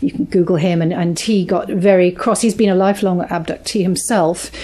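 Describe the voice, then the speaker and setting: A woman's voice: lowish voice, fairly even intonation, a little fast, dark tone. A British woman organising a small meeting, speaking in a rambling way with many fillers and earnest thanks.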